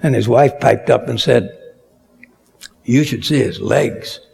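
A man preaching a sermon slowly and deliberately, rising to emphatic peaks on key words. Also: mid-range voice, vocal fry, darkish tone, breathy edge.

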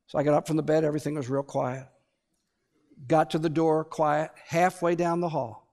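A male pastor telling a family story in a sermon, with slow, emphatic, deliberate delivery. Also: a little high, little pitch movement, a little mellow.

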